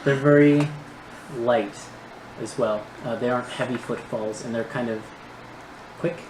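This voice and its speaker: A man's voice: mid-range voice, fairly even intonation, a little slow, reverberant, over a noisy crowd, low-quality recording. A man narrating a tabletop game as game master, laid-back and hesitant, with many ums and restarts.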